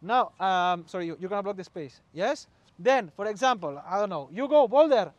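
High-voiced man coaching on a pitch. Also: lively intonation, moderate pace, dry recording, dull audio. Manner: short commands, calls out to players, mixes in Spanish. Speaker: football coach. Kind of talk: on-field coaching demonstration.

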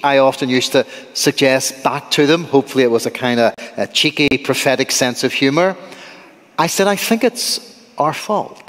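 A man's voice: medium pitch, fairly bright tone. A man with a Northern Irish accent preaching a sermon as a guest, conversational and humorous, quizzing the congregation. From Northern Ireland. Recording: church with long reverb.

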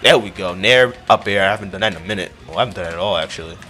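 A man giving profane live commentary over his own gameplay, muttering one moment and yelling the next. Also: low-pitched, racing, soft background music. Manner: profane, reactive, swinging between muttering and yelling. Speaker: gaming commentator.

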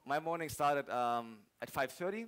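A man's voice: medium pitch, normal speed, fairly bright tone. A man with a German accent, a fitness trainer giving a casual, jokey talk to a live audience. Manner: chatty, jokey, laughs often.

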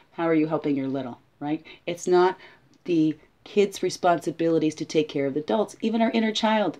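A woman's voice: deep voice, a little mellow. A woman giving a casual, reflective spiritual guidance talk, thinking aloud and tagging her sentences with "right?". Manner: tags many sentences with "right?". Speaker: spiritual guide.

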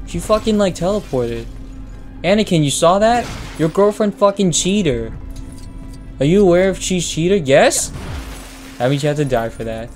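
Guy swearing through a game playthrough, random loud yelps, faint game music under him. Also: high-pitched, animated, moderate pace. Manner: profane, loud sudden outbursts. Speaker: gameplay commentator. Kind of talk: let's play commentary. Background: game audio and music.

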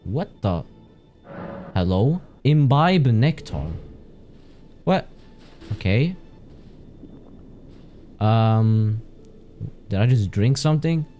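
Excitable young man over game music. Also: mid-range voice, very slow, pauses often, lo-fi sound. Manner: excitable, swears and exclaims often. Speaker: gaming channel host. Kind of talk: live gameplay commentary. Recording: clear game music underneath.

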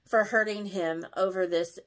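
A woman's voice: medium pitch, steady tone, normal speed, fairly bright tone. Woman reading aloud, emotional and stumbling. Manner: emotional, stumbles over words, reacts aloud. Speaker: host reading posts and comments. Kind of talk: casual reading with reactions.

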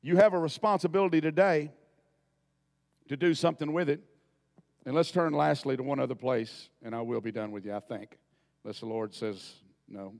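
A man preaching a folksy storytelling sermon, dropping to quiet asides and then bursting into loud shouts. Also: mid-range voice, steady tone, normal speed, gravelly, in a large hall.

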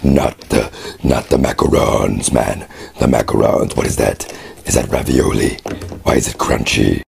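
A man making comedic reaction commentary in low, muttered asides with a deep, gravelly fry. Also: unhurried, darkish tone. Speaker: comedy creator.

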